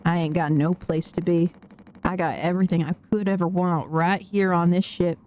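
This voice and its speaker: A woman's voice: lowish voice, fairly even intonation, moderate pace, darkish tone, voice pushed down, natural voice. A woman putting on a bitter old mechanic. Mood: grim resignation. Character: bitter, weary old male ship mechanic. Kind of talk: reading game dialogue aloud.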